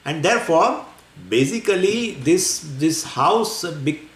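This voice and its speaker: A male spiritual teacher lectures on scripture with a lively, rising and falling voice and a rambling, filler-heavy way of explaining. The room around him rings with echo, and faint ambient noise sits underneath. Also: a little high, slow pace. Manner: lively, wandering explanation with frequent fillers and laughs.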